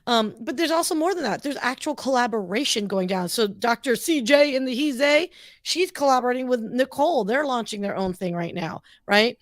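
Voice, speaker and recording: A woman's voice: on the high side, animated, fairly quick, no echo. American woman rambling on a video call, lots of likes and ums, dry close sound. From United States. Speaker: podcast host. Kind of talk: casual chat. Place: home office.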